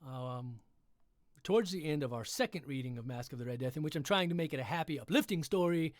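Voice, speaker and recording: A man chats loosely between story passages, joking and rambling about accents with casual swearing. His voice sits a touch high and is recorded close and dry, with no room around it. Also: animated, fast talker, dry recording. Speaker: livestream host reading a story aloud. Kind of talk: casual chat during a live reading.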